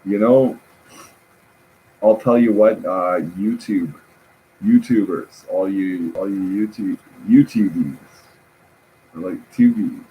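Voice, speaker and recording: Slow low-voiced man rambling. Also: narrow, tinny audio, slight background noise. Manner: rambling, profane, self-mocking, many fillers. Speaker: vlogger. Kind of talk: casual rambling monologue.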